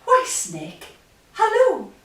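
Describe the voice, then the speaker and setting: Woman doing a squeaky cheeky little mouse. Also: huge pitch swings, extremely slow, far from the mic, exaggerated voice. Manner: high squeaky voice, pleased with itself. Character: small clever mouse, boastful and bold. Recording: echoey room, voice from off-mic.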